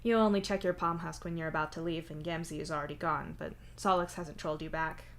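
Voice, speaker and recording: A woman reading a fan story aloud in the second person, steady and even. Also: deep voice, fast talker, a little hiss or hum. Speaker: fanfiction reader. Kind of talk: audiobook-style story reading.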